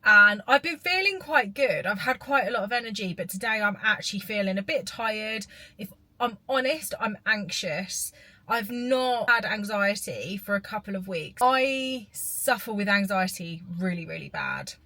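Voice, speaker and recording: A woman's voice: medium pitch, expressive, normal speed, sharp tone, no echo, rough recording. A woman, talking candidly and emotionally to camera in a casual vlog. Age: 30s. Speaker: vlogger. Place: in a parked car and at the gym.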